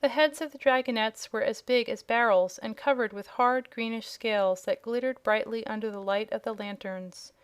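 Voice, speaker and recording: Casting: woman narrator for a fairy-tale audiobook, clear resonant tone, a touch high, unhurried delivery. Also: steady tone. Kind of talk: scripted storybook narration.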